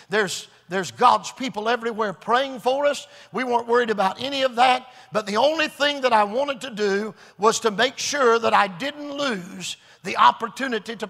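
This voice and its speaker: A high-pitched, gravelly man preaches a revival sermon in a large hall with a long reverb. His bright, edgy voice swings from shouted, chanting phrases punctuated by "uh" down to low, confiding stretches. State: recovering from Bell's palsy.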